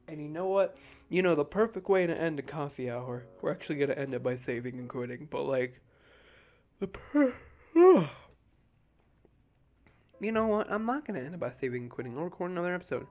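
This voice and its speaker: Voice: mid-range voice, animated, moderate pace, pauses often, a little mellow, soft background music. A let's-play commentator chatting casually at home over gameplay, drowsy and rambling with frequent swearing. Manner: sleepy, profane, rambling.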